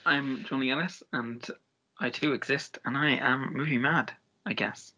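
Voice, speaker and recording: A man's voice: medium pitch, fairly even intonation, moderate pace, sharp tone, rough recording. A man co-hosting a podcast, chatting casually, giggly and a bit hesitant. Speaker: podcast co-host.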